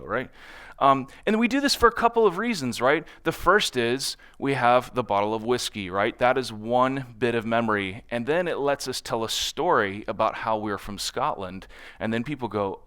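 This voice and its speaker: A man's voice: mid-range voice, animated, moderate pace, fairly bright tone, clear, resonant tone. A man speaking at a conference in front of an audience, telling anecdotes in a conversational way and often checking in with "right?".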